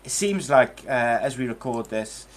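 A man's voice: medium pitch, animated, moderate pace, slight background noise. A man hosting a casual football podcast, talking in a loose, rambling way with lots of fillers. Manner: chatty, rambling, many fillers. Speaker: podcast host. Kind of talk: casual chat.

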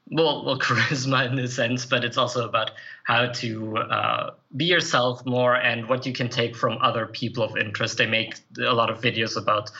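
Guy on a podcast explaining his routine, earnest, kinda bright tone, a bit lo-fi. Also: medium pitch. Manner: earnest, reflective, with light laughs and fillers. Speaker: podcast guest, self-improvement writer and coach. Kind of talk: conversational interview answers.

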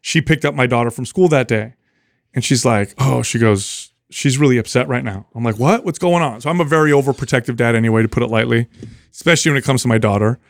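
A middle-aged man hosting a podcast, telling stories in a casual, animated way and acting out the people he quotes. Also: mid-range voice, fast talker, no room sound, studio quality. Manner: animated, acts out quoted voices. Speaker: podcast host, trainer. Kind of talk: casual storytelling.

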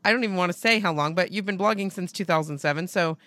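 A woman from New England hosting a podcast interview, enthusiastic and quick to laugh. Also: fairly low pitch, a crowd in the background. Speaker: podcast host.

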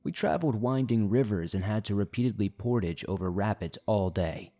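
Man reading horror stories in a low voice. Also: a little fast, mellow, soft background music. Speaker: horror story narrator. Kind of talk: scripted narration of listener horror stories.

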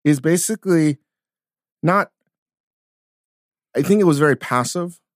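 A man co-hosts a podcast from a studio, riffing in a sardonic, foul-mouthed way. He talks at an average pitch. The sound is close and dry. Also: a little slow, dry recording. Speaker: podcast co-host. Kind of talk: casual comedic chat.

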